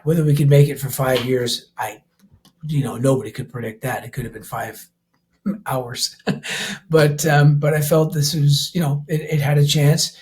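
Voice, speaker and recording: A man's voice: on the high side, darkish tone. Rambling older man, easy laughter. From Canada. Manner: rambling with many restarts, laughs easily. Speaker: rock band vocalist and keyboardist, guest. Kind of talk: casual interview talk.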